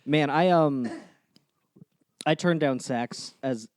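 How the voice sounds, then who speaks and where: A young man hosting a casual podcast, telling deadpan stories and laughing often. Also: a little high, slow pace, dry recording, studio quality. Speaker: podcast host. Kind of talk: casual chat.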